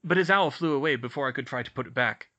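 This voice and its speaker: A man's voice: mid-range voice, fast talker, sharp tone, dull audio, close to an everyday voice. A man voicing a weary, injured but friendly young man in an audiobook reading.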